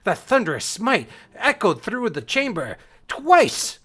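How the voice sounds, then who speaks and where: A man's voice: high voice, sing-song, takes it slowly, a bit bright, slightly rough, voice pushed up, heavily acted. A man voicing a stern, condescending male battle master who heads a family's private guard in a tabletop game. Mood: haughty. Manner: haughty, scolding.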